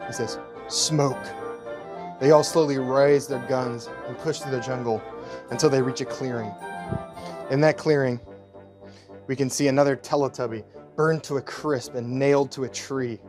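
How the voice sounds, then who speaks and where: A man reading his own screenplay aloud as a YouTuber, in slow, deadpan scene narration. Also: medium pitch, music in the background. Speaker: YouTuber writing a movie script.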